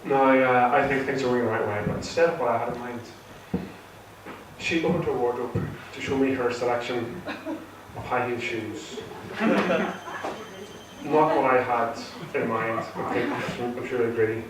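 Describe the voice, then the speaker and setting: Recorded from a distance in an echoey theatre, a man does his first stand-up comedy set for a live crowd amid noisy background sound. He speaks at a moderate pace in a steady, mid-range voice, yet rambles nervously with frequent fillers and restarts.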